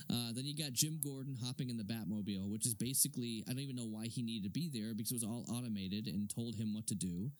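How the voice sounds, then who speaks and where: A young adult man co-hosting a casual film review podcast, animated and quick to laugh as he acts out scenes. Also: medium pitch, no room sound. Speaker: podcast co-host.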